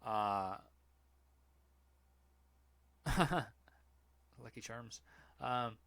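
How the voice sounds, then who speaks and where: A man's voice: mid-range voice, animated, very slow, a bit bright, no echo. A man hosting a podcast, reading online posts aloud in a casual, mocking, profane way. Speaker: podcast host.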